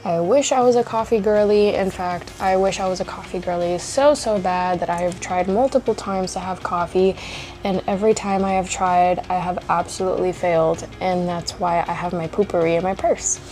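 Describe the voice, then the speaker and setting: A woman's voice: on the low side, steady tone, normal speed, a little mellow. A woman in her twenties chatting casually at home in a vlog, rambling with lots of likes and little laughs. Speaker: vlogger.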